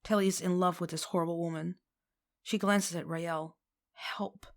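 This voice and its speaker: A woman reading a fan fiction story aloud, expressive and slipping into character voices. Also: fairly low pitch, normal speed. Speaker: reader.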